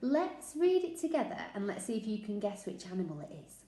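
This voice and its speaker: A woman teacher with a Northern English accent, slowly sounding out words for young children in a sing-song, encouraging way. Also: fairly high pitch, very animated, warm tone, slight background noise. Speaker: early years teacher. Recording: echoey room.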